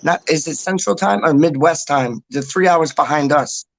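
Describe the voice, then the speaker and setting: A man with a fairly high, gravelly voice speaks at a moderate pace, with no room sound. He's hosting a casual livestream, reading out viewer comments, rambling, repeating himself and swearing now and then.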